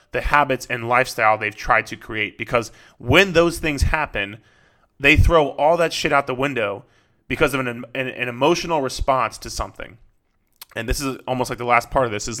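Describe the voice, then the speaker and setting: A man's voice: medium pitch, fairly bright tone. Male podcast host and coach, casual and profane, repeats points, mid-range voice. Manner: blunt, profane, repetitive coaching talk.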